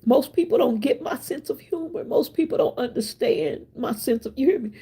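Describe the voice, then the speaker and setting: Chatty husky-voiced woman in her fifties. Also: high-pitched, animated, normal speed, warm tone. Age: 50s. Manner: chatty, laughs often, talks straight to viewers. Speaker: channel host. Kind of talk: casual chat to viewers.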